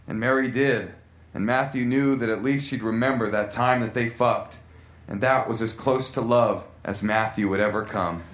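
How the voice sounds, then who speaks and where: A man's voice: steady tone, normal speed, fairly bright tone. A man doing a comic reading of explicit fiction at a live comedy club, voicing the characters' lines dramatically. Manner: reads dramatically, voices characters with raised pitch. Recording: echoey live club room, faint noise.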